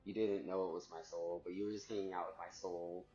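A man voicing a young prince who has just woken up and softly greets everyone in an airy voice. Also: low voice, level tone, a little fast, music in the background, lightly acted. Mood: dreamy. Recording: roomy, slightly dull sound.

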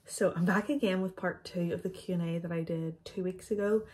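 A young woman talks casually to her viewers, loose and chatty with plenty of ums. Her voice sits a touch low, and she sounds slightly out of breath throughout. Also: fairly even intonation, a little fast, darkish tone, faint music behind. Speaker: vlogger. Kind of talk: casual chat answering viewer questions.

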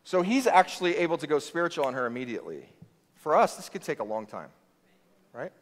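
A male pastor delivers a sermon in a loose, conversational way and acts out the people in his stories. His voice sits a little high and moves up and down a lot. The sound carries a long reverb from a church hall. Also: fast. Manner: conversational, animated storytelling with quoted voices.

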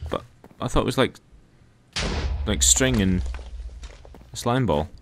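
A man's voice: lowish voice, animated, measured pace, background noise. A man hosting a casual gaming session, playful, yelping and singing silly bits as he plays. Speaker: host, gameplay commentator.

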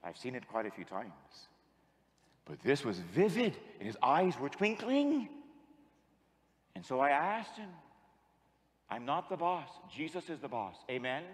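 A man's voice: medium pitch, big pitch swings, measured pace, pauses often, in a large hall. A man, a priest, preaching a sermon and telling a story, then leading the congregation in call-and-response. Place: large church with long echo.

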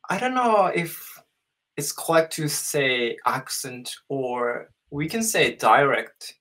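A Japanese man in his thirties, speaking English with a Japanese accent, practices in a casual video-call chat, often hesitating and searching for words. His mid-range voice is very animated, pushed and bright, and he speaks slowly.

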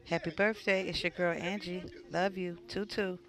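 A woman's voice: fairly low pitch, fairly even intonation, normal speed, fairly bright tone. A woman leaving a short, sing-song birthday message for a friend. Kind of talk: casual spoken birthday message.

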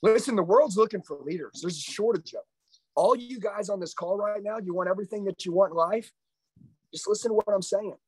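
Intense, high-pitched male sales coach. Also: brisk, darkish tone, breathy edge, no room sound, poor audio. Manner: intense, confrontational, profane. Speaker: sales trainer. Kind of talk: live motivational speech. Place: live training session.

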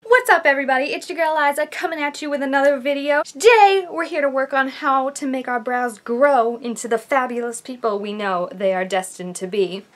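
A woman doing a comedic impression of an excitable young woman vlogger who talks fast with gushing, exaggerated enthusiasm. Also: high-pitched, lightly acted. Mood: excited.

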